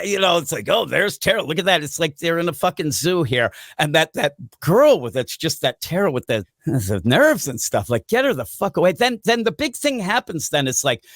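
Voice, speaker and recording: Animated laughing man, high lively voice. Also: no room sound, studio quality. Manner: animated, swearing, laughing, mimicking characters. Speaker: comic book podcast host. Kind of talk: casual chat.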